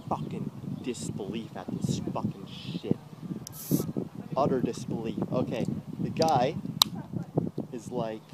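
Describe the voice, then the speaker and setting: A man telling a story in an excitable, profane rant and acting out the quotes, from a noisy old video clip. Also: medium pitch. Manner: excitable, swearing, acts out quotes. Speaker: vlogger.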